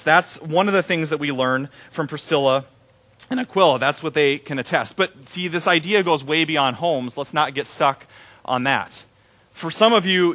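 A pastor giving a sermon, telling stories in a conversational, animated way. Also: male voice, on the high side.

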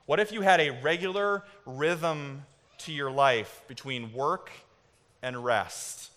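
A man's voice: fairly high pitch, takes it slowly. A man in his thirties preaching a sermon as a pastor, conversational at first and rising to impassioned exhortation, in a church sanctuary. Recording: reverberant hall with soft music.

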